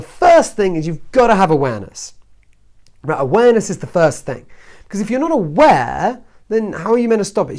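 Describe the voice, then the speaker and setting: A man's voice: a little high, a little mellow. A man talking casually to camera as a self-help vlogger, telling a story and often checking in with "right?". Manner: chatty, keeps asking "right?".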